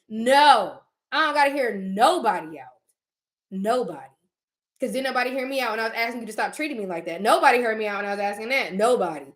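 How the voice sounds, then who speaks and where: Emphatic, animated woman in her thirties. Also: on the high side. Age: 30s. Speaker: vlogger. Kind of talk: casual spiritual monologue.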